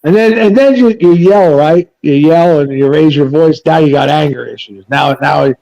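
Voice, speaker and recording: A man's voice: a little high, expressive, normal speed, creaky, few pauses, a little mellow, no room sound, highs cut off. A man in a casual live chat, telling stories in a blunt, profane, rambling way. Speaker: panel host.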